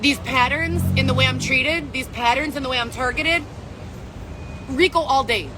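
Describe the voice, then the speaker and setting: A woman's voice: high-pitched, moderate pace, over music. A woman vlogging outdoors, ranting angrily with heavy swearing and rhetorical questions. She is pregnant. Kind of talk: emotional street vlog rant.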